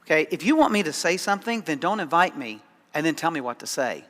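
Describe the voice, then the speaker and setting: A man's voice: a little high, sing-song, fast talker, fairly bright tone, in a large hall. A man preaching a sermon as pastor, conversational and dryly sarcastic, often repeating words as he starts a thought. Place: church sanctuary.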